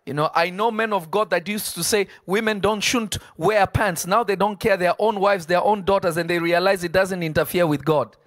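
A man preaching on a podcast, animated and emphatic, asking questions and answering them himself. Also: sits high, moderate pace, few pauses, no room sound, clean studio sound.

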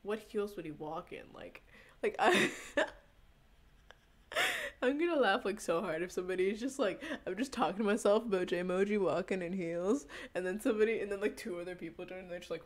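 A woman's voice: medium pitch, brisk. A young woman streaming casually, rambling, giggling often and swearing a lot as she chats to viewers. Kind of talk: casual live-stream chat.

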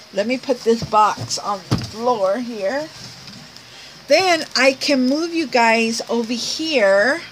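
A woman's voice: a little high, slight background noise, poor audio. A woman chatting casually as she unboxes a package on camera, gushing over each item and talking to the sender. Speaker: craft vlogger opening mail.

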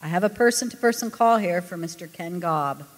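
A woman's voice: fairly low pitch, lively intonation, brisk, long reverb tail. A woman reading aloud and voicing an impatient telephone operator who speaks curtly, like a teacher scolding a child. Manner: curt, scolding.

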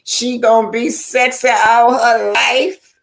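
A woman's voice: fairly high pitch, fairly even intonation, slow pace, vocal fry. An older woman, hosting a casual livestream, chatting and greeting viewers by name in a loose, rambling way. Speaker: YouTube livestream host.

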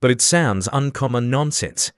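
A man's voice: medium pitch, no room sound, studio quality, lightly acted. A man voicing the sleepy Mock Turtle. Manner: slow, thoughtful delivery. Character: sleepy, touchy male Mock Turtle creature.

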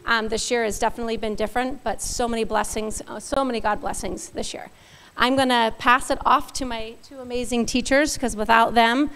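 Gal thanking everyone at a school event, kinda gravelly but smooth, casual. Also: female voice, on the high side, fairly bright tone. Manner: casual, thankful, many fillers. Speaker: school organizer. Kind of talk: ceremony thank-you speech.

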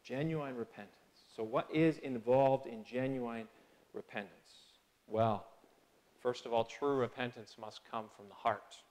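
An earnest pastor preaches conversationally in his church sanctuary, his voice swelling louder and higher on key phrases. Along the way he stumbles into minor restarts.

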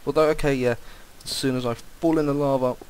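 A man's voice: mid-range voice, steady tone, fairly quick, darkish tone, clear, resonant tone, rough recording. A young man casually commenting on a game he is playing, rambling and distracted, often swearing and exclaiming. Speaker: Let's Play commentator.

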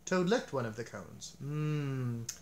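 A man reading a children's storybook aloud, gentle and expressive in his narration. His voice moves through a lively, varied range of pitch as he tells the story. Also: moderate pace, a little hiss or hum. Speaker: storybook reader.

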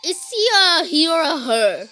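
A woman's voice: sits high, sing-song, unhurried, pushed and bright, faint music behind. A woman giving playful gameplay commentary, bantering with cartoon characters, giggling and saying "beep" in place of swear words. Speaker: gaming YouTuber.

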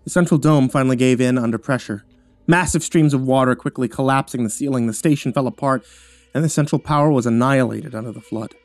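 A man narrating a scripted horror story in a measured, somber way. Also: medium pitch, a little mellow, dry recording. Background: faint music.

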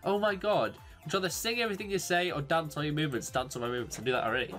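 A young man from England with an English accent, chatting casually and jokily to camera as a YouTuber, rambling and quick to exclaim. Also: a little high, fairly bright tone, soft background music. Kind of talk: casual solo commentary. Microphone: desk microphone.

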